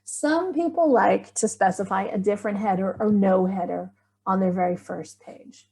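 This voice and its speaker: Speaking at a moderate pace in a mid-range voice that's creaky and mellow, a middle-aged woman runs a screen-share tutorial as a writing workshop instructor. Her manner is chatty, with thinking aloud and occasional small surprised exclamations.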